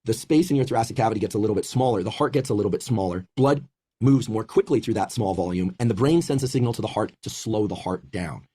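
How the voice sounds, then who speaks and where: Fast-talking male scientist, husky and mellow. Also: lowish voice. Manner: fast, steady lecturing explanation. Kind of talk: scientific explanation.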